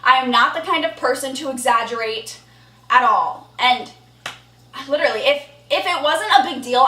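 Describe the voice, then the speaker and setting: A woman's voice: high voice, moderate pace, bright, forceful tone, far from the mic. A young woman vlogging an indignant storytime rant, blunt and swearing freely. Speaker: horse vlogger. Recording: echoey room, voice a bit off-mic.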